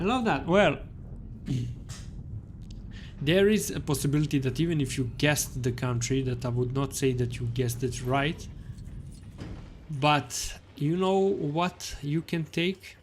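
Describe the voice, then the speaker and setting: This man speaks a little high and at a measured pace, with slight noise in the background. He is a gaming streamer whose non-native accent people often read as Slavic, and he chats playfully with his live audience, teasing and animated.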